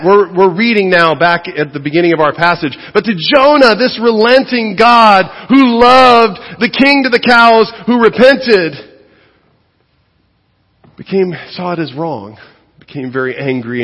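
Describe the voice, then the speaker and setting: Animated pastor preaching in a reverberant hall. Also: male voice, sits high. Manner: animated, swings from loud emphasis to hushed asides. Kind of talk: sermon. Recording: long reverb of a church hall.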